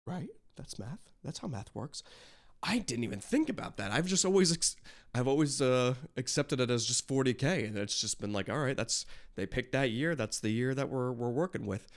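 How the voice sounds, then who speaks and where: Male reaction streamer, average pitch, talkative and profane, loose and off the cuff. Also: lively intonation, normal speed. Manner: rambling, swears often, frequent fillers. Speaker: reaction video host. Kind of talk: casual reaction commentary.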